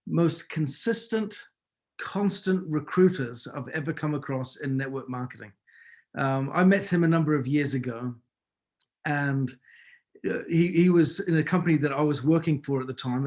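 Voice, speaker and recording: A man with a somewhat high-pitched voice leads a mentoring call. He tells stories in a relaxed, conversational way and often stops to ask his listeners questions. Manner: conversational storyteller, asks listeners rhetorical questions. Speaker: business mentor. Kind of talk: mentoring talk with anecdotes. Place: video or conference call.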